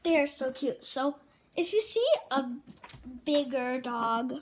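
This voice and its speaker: A female vlogger with a high, bright-sounding voice, talking slowly and rambling as she shows off her pets, now and then cooing at them. It is a noisy home phone video with rain hissing in the background. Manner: chatty, rambling, coos at her dogs in a high voice.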